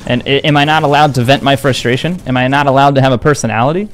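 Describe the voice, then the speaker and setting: A man's voice: mid-range voice, fast talker. A young man streaming a game, talking casually to his viewers in a blunt, defensive, profane way. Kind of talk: casual live-stream chat.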